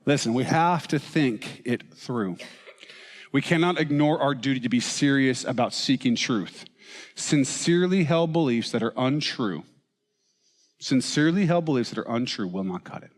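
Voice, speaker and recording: A man's voice: mid-range voice, expressive, moderate pace, big-room sound. A man preaching a sermon, asking rhetorical questions and reading quotations aloud with rising emphasis. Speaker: pastor. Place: church auditorium.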